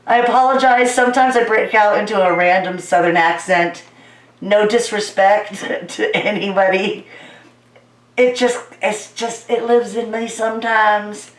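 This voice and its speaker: A woman chats playfully while pouring paint, narrating as she works and coaxing the paint along, easily delighted. Her mid-range voice moves at normal speed, heard from a distance with the mic set back in an echoey room.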